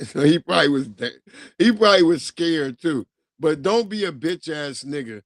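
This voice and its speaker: Brief: a blunt, easygoing male streamer, mid-pitched, dry and close to the mic. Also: expressive, moderate pace, no room sound. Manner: blunt, laid-back, rambling opinions. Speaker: livestream host. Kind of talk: casual chat.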